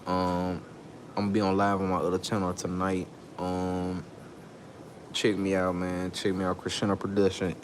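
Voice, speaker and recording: A man with a low-set voice vents straight to camera in a heated monologue. He swears freely, and his voice leaps up sharply when he gets worked up. A faint background hum sits under his talk. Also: monotone, moderate pace. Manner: angry ranting, swearing, voice leaping up when worked up. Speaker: vlogger.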